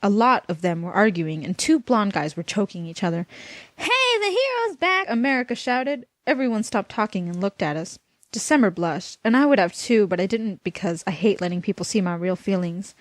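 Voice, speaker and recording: A woman's voice: on the low side, fairly quick, no room sound. Woman mocking a fan fiction aloud. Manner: mocking, breaks off to laugh and comment. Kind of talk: comic fan fiction reading.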